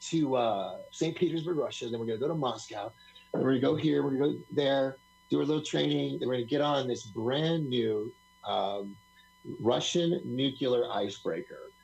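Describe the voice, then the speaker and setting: A man's voice: mid-range voice, normal speed, gravelly, darkish tone, husky, poor audio. A man talking as a guest on a live talk stream, rambling through stories, laughing often and acting out what other people said.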